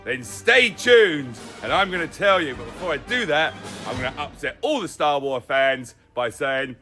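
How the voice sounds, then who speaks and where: A man's voice: fairly high pitch, moderate pace, faint music behind. Playful man hosting a weather vlog. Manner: playful, goofy, self-mocking, excitable asides. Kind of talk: jokey casual weather update. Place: bedroom at home.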